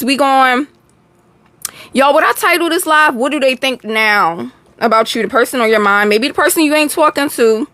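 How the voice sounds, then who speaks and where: A woman's voice: high voice, moderate pace, sharp tone. A young woman with a Texan accent, chatting casually with viewers while doing a live tarot reading. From Texas. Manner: chatty, slangy, talks to chat, laughs often. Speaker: tarot reader.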